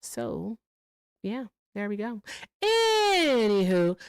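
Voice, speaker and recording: A woman hosting a casual livestream, telling stories in a profane, animated way with sudden jumps in pitch. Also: a little slow, dry recording, poor audio. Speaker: livestream host.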